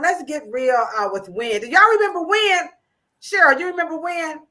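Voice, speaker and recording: A woman hosting a casual livestream chat, animated and playful, laughing often. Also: a little high. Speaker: host.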